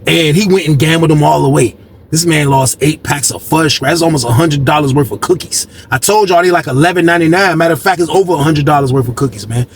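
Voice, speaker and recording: A man's voice: fairly high pitch, slight background noise. A man from Norfolk, telling a story casually and animatedly, full of slang, constantly saying "man" and "bro". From Norfolk, Virginia.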